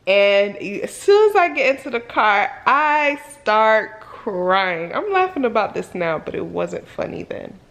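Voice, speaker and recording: A woman in the middle of a casual vlog storytime, talking at an ordinary mid pitch. Her talk is loose and full of fillers, and her voice leaps up high and loud on exclamations before settling back down. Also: normal speed, gravelly, few pauses. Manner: animated, filler-heavy retelling with many "like"s. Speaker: vlogger.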